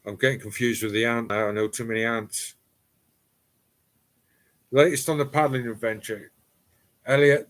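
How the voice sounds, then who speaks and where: A man's voice: medium pitch, fairly bright tone. A middle-aged man with an East Cornish accent hosts a live stream from his home cellar. He chats casually and rambles, reading out viewer comments. His talk is full of ums and restarts.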